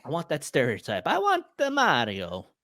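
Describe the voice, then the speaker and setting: Lively, high-voiced man chatting on a podcast. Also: moderate pace, dry recording, studio quality. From Ireland. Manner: animated, full of filler and quoted voices. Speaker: podcast panelist. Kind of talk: casual chat.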